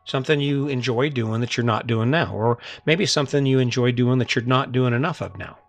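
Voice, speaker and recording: A mid-range voice, fairly quick, belongs to a middle-aged podcast host giving an earnest, coaxing motivational monologue. He keeps repeating the same challenge to his listeners, recorded dry over faint background music.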